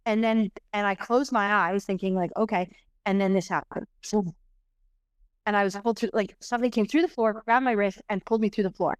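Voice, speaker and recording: A middle-aged woman tells a personal story as a podcast guest, and her talk rambles with many restarts and fillers. Her voice is smooth and clear, and the close microphone keeps it dry and present. She sits at a middle pitch for a woman. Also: brisk, no echo. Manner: animated, rambling, full of restarts and "like".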